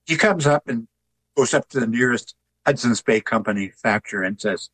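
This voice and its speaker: An older man, an author and artist, telling stories in a relaxed, folksy interview. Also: medium pitch, moderate pace, no room sound, rough recording. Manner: folksy, tells jokes with put-on voices.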